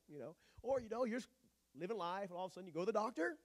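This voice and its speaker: Lively, high-pitched joking male pastor. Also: rapid-fire. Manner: animated, joking, conversational preaching. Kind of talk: sermon.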